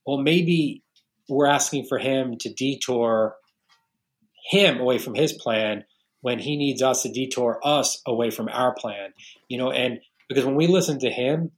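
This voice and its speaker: On a podcast, a New York realtor in his forties speaks at a measured pace in a medium-pitched voice. He's casual and earnest as he tells stories in the interview, frequently restarting his sentences.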